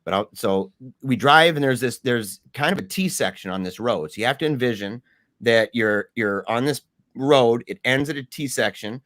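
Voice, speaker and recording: A man guest telling a story in casual talk, animated, with many restarts and fillers. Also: medium pitch, moderate pace, dry recording, clean studio sound.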